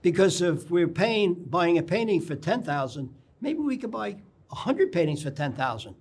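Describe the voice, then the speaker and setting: An older man, a guest on a local TV interview, telling anecdotes in a rambling way and often clearing his throat. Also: sits high, big pitch swings, normal speed, a little mellow. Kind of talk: casual interview storytelling. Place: local TV studio.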